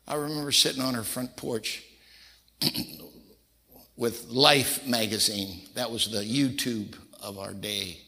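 A man's voice: medium pitch, a little slow, bright, forceful tone. An older man preaching a sermon, telling folksy personal stories and acting out the voices of the people in them. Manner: folksy storyteller, acts out quoted voices. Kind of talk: sermon storytelling. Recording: reverberant hall.

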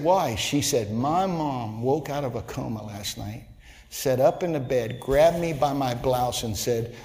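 Man, pastor, folksy story sermon, animated, echoing sanctuary. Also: mid-range voice, a little slow, creaky. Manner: folksy, animated storytelling, builds to loud excitement. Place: church sanctuary.

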